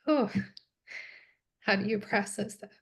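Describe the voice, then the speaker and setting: A woman hosting an online wellness class, soft and affirming as she reads out a viewer question. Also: medium pitch, takes it slowly, gravelly, husky. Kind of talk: live class chat, reading a viewer question.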